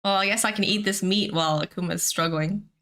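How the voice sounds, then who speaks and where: Woman streamer, home setup, bright ringing tone, giggly rambling chatter. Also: mid-range voice, steady tone, fairly quick. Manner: giggly, rambling with many fillers. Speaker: streamer and host. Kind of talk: casual live-stream chat.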